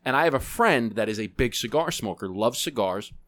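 Relaxed male podcast guest telling stories. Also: mid-range voice, no room sound. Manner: relaxed, unhurried, with fillers and restarts. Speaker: guest, actor and cigar enthusiast. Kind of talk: casual storytelling.

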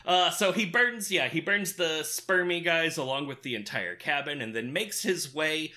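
A man's voice: on the high side, moderate pace, sharp tone, slight background noise. A man recapping a movie plot in casual, crude, sarcastic podcast chat. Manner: sarcastic, crude, laughing often.

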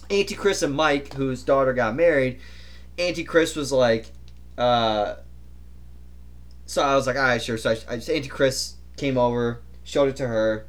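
A young adult man telling stories in casual podcast chat, animated and imitating other people's voices. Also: mid-range voice. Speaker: podcast co-host.

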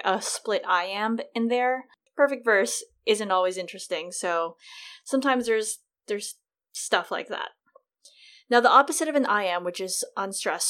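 A woman's voice: mid-range voice, fairly bright tone. A woman hosting a podcast, casually and enthusiastically explaining poetic meter with examples and lots of filler words.

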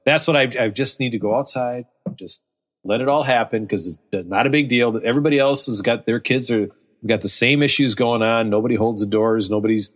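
A man of middle pitch telling a story on a podcast in a loose, rambling way. He often repeats words as he searches for the next thought. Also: fairly quick. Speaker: podcast co-host. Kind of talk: casual chat.

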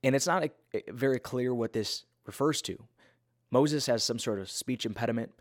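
A man's voice: mid-range voice, normal speed, no room sound, studio quality. A man giving a casual, earnest Bible talk in a conversational, self-deprecating way.

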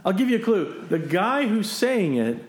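A man's voice: high voice, big pitch swings, normal speed, reverberant. A man hosting a casual podcast movie quiz, chatty and self-deprecating, laughing often. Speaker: quiz host.

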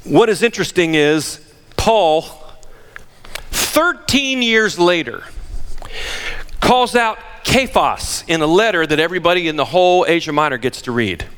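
An older man preaching a sermon, emphatic and animated, firing rhetorical questions at the congregation. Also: a little high, measured pace, smooth. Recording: long hall reverb.

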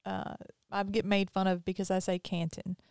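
Host: woman, Southern accent with Northern touches, mid pitch, crisp, chatty. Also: little pitch movement, normal speed, a little mellow, no echo, studio quality. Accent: Mississippi Southern with some Northern. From Mississippi. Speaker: podcast host. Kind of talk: casual chat.

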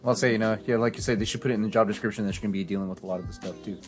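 A man joins a casual conversation, his fairly low voice rushing along at a very fast clip. He strings his thoughts together with fillers and repeated starts, while faint music plays underneath. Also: fairly even intonation. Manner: rapid talk full of "like" and repeated starts. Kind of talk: casual podcast chat.

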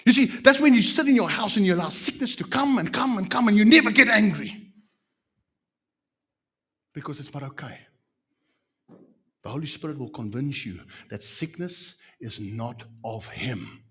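A man with a South African accent preaching a sermon in an animated, emphatic way, full of rhetorical questions. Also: on the high side, moderate pace, pauses often, husky.

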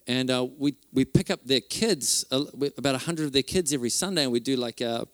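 A male pastor preaching at a conference, telling stories in an animated, excited way with many fillers. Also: on the high side, brisk, clean tone, no echo. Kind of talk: conference sermon storytelling. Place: conference hall stage.

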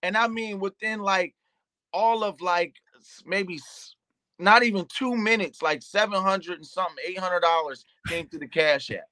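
A man's voice: sits high, normal speed, bright, forceful tone, dry recording. A man telling an emotional personal story in earnest, repeating words and slipping into quoted asides. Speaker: pastor and youth nonprofit founder.

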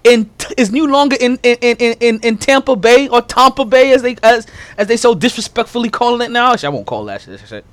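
A man hosting a casual sports podcast, animated and laughing, trash-talking over a call. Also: extremely high pitch, quick pace, few pauses, no room sound. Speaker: podcast host.

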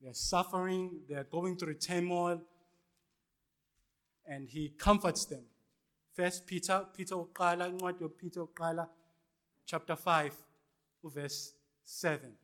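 Pastor guy preaching, loud then hushed, keeps asking the church to answer back, bright high voice. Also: steady tone, a little slow, long pauses. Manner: call-and-response preaching, swings between loud and hushed. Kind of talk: sermon.

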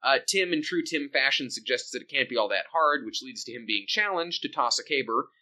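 A man's voice: medium pitch, lively intonation, brisk, sharp tone, low-quality recording. A man co-hosting a podcast, recapping an old sitcom episode in a joking, rambling way. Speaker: podcast co-host. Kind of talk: casual recap chat.

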